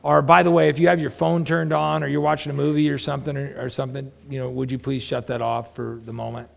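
A man's voice: mid-range voice, level tone, fast, creaky, long reverb tail. A man, a pastor, preaching a conversational sermon full of rhetorical questions.

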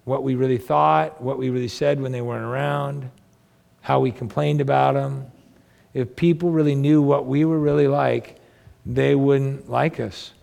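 A man's voice: medium pitch, fairly even intonation, moderate pace, vocal fry, a little mellow. A man preaching a sermon, reading scripture and asking his listeners earnest rhetorical questions. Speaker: pastor.

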